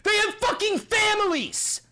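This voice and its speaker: A woman streamer in a livestream rant, furious and profane, shouting and repeating phrases for emphasis. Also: very high voice, measured pace.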